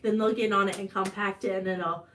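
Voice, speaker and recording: A woman with an Ozark American accent hosting a farm channel's live stream, telling a personal story in a chatty way with fillers and restarts, her voice climbing high on the emotional parts. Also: fairly even intonation, a little fast, fairly bright tone, a little hiss or hum.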